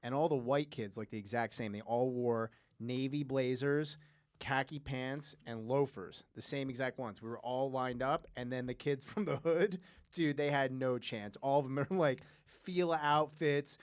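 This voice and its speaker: A man co-hosting a podcast, asking relaxed prompting questions and telling his own anecdote. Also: medium pitch, moderate pace, clear, resonant tone, dry recording, studio quality. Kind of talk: casual chat and anecdote.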